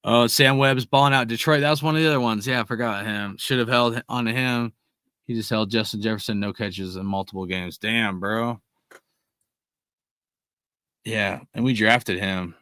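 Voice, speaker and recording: A man's voice: on the low side, fairly even intonation, moderate pace, clear, resonant tone, dry recording. Heated, profane man ranting, dry close mic. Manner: heated, swears constantly, loud bursts. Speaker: podcast host reading live chat. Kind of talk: profane casual sports rant.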